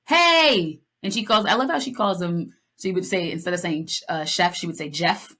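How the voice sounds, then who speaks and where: A young woman co-hosting a podcast in casual chat, telling stories with lively acted-out lines and playful asides. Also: lowish voice, brisk. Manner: animated storytelling, acts out lines, playful. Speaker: podcast co-host.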